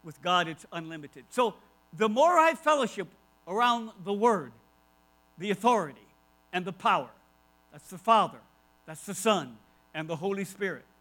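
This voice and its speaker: A man's voice: high voice, lively intonation, moderate pace, pauses often, pushed and bright, rough recording. A man preaching a conversational sermon, emphatic and repeating key phrases, with asides to his listeners.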